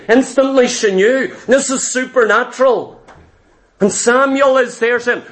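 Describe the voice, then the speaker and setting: High-voiced preacher acting out scripture. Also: male voice, a little slow, a bit bright. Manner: dramatic storytelling, acting out the characters' lines; emphatic and exhortative. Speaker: pastor. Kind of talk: sermon.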